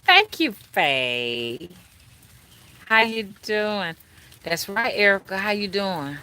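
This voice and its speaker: A woman hosting a casual livestream as a spiritual reader, chatting and greeting viewers by name in a drawn-out, friendly way. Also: mid-range voice, very animated, sharp tone.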